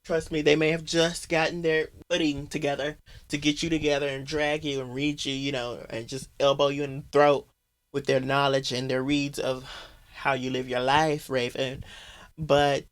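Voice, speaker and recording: A sassy podcast host tears through a throwback movie recap, roasting the characters with crude jokes and frequent laughter. The delivery is loose and conversational, pitched at a middle register. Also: level tone, moderate pace. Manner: sassy, profane, mocking, laughs often.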